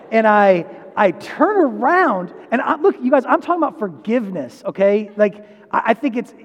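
A man's voice: sits high, long reverb tail. A man preaching a sermon, telling a personal story in a conversational way with asides and self-corrections. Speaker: pastor.

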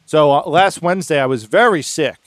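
A man hosting a podcast in casual chat, making sarcastic deadpan jokes between frequent hesitations. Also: on the high side, fairly quick, no echo. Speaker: podcast host.

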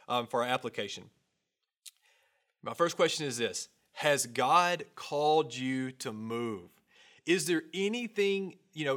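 A man's voice: mid-range voice, a bit bright. A young man preaching a sermon, opening with a personal story in a casual, conversational way. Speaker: pastor.

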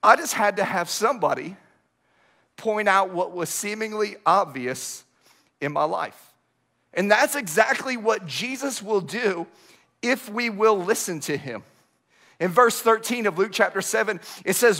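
A young adult male pastor preaching a sermon, telling stories with animated swings from loud outbursts to hushed asides. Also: high voice, moderate pace.

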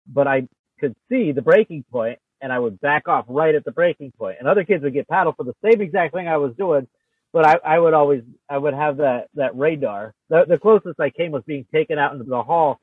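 A man telling stories from his childhood in a casual, halting, rambling way. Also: fairly high pitch, husky, dry recording. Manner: rambling, halting, self-interrupting. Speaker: podcast guest. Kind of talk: casual storytelling chat. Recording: tinny phone line.

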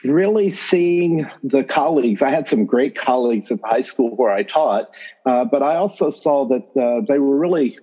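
A man's voice: mid-range voice, expressive, normal speed, warm tone. Chuckling North Carolina man, slightly muffled. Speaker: guest, math education professor. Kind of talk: conversational interview.

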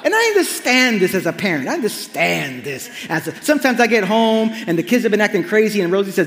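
A man's voice: high voice, very animated, fast, few pauses, fairly bright tone, long reverb tail. A male pastor preaching a sermon, telling the story with animation and joking asides.

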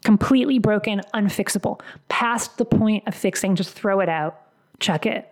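A woman's voice: mid-range voice, moderate pace. Woman career coach, mid-range voice, emphatic motivational podcast delivery. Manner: emphatic, repeats phrases for punch.

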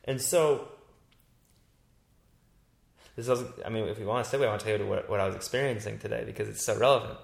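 A man's voice: fairly low pitch, fast talker, gravelly, long pauses. Rambling man talking in a roomy echo. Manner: animated, rambling storyteller who acts out his own past thoughts. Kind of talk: casual chat.

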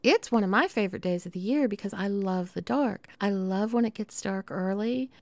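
A woman's voice: medium pitch, moderate pace, a little mellow, dry recording. A middle-aged woman with a Southern accent hosting her podcast in a chatty, affectionate, rambling way. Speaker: podcast host. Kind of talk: casual monologue.

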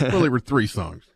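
A man's voice: mid-range voice, slightly rough, no echo. A man chiming in with dry, wry asides as a radio co-host in casual studio banter.

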